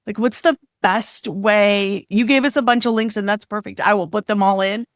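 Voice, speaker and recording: A woman's voice: medium pitch, steady tone, moderate pace, no echo, clean studio sound. A woman hosting a podcast, talking in an upbeat, affirming way. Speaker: podcast host. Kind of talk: casual podcast interview.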